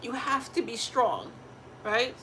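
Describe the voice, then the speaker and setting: A woman's voice: a little high, slow pace, bright, forceful tone, a little hiss or hum, rough recording. A pregnant woman chatting candidly to her viewers on a phone, earnest and rambling, often laughing mid-sentence. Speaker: family vlogger. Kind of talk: candid casual chat to viewers.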